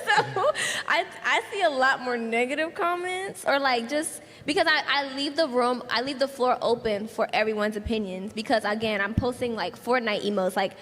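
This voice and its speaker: A woman's voice: on the high side, normal speed, hardly any pauses, a bit bright. A woman content creator on a live panel, playful and slangy, often laughing. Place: large event hall. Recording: hall reverb, faint noise.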